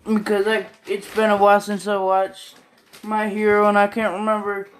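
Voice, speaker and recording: A woman's voice: medium pitch, completely flat delivery, normal speed. A tired woman rambling casually in slang and swearing as she retells a fan story late at night.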